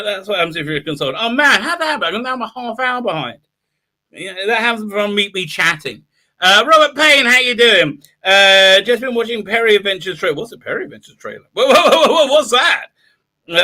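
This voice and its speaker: A middle-aged man hosting a live stream, greeting viewers and rambling excitedly, with loud outbursts of delight. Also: high-pitched. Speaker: livestream host. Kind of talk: live stream chat, reading viewer comments.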